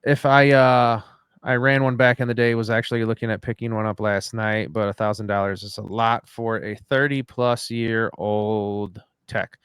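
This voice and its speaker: A man's voice: lowish voice, flat delivery, moderate pace, a bit bright, clear, resonant tone, no echo. Rambling, swearing podcast guy, dry sound. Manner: loose, rambling, swears casually. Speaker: podcast co-host. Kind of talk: casual live podcast chat. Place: at home after dinner.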